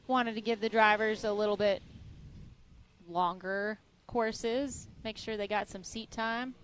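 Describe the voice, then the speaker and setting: A woman from Tennessee co-commentating a live off-road race, bubbly, with quick asides. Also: mid-range voice, steady tone, slight background noise.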